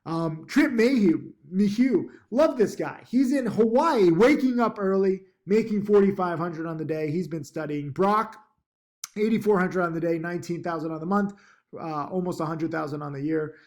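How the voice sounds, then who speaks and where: A man's voice: high-pitched, normal speed. A man who teaches stock trading, talking casually to his laptop with lots of ums and restarts and upbeat, pushy encouragement. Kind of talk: casual talking-to-camera vlog. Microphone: laptop mic.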